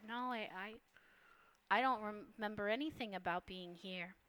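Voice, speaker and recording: A woman's voice: mid-range voice, normal speed, a bit bright, smooth, natural voice. A woman voicing a timid, flustered girl who stammers and hesitates.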